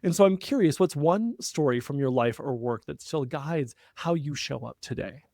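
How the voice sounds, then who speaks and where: A man's voice: fairly high pitch, lively intonation, normal speed, gravelly, darkish tone, no echo. Affirming male podcast host, dry sound. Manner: enthusiastic, affirming interviewer. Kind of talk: podcast interview.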